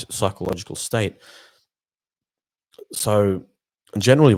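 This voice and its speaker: Male host for a spiritual book discussion. Low voice, dry close sound, thoughtful and meandering delivery with halting restarts. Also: darkish tone, dry recording. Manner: thoughtful and meandering, with frequent "you know" and repeated words. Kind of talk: reflective spiritual book discussion, reading passages aloud.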